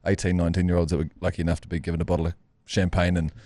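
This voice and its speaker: New man, low voice, rapid chatty delivery, self-mocking. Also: flat delivery, warm tone, no room sound. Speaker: podcast co-host. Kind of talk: casual chat.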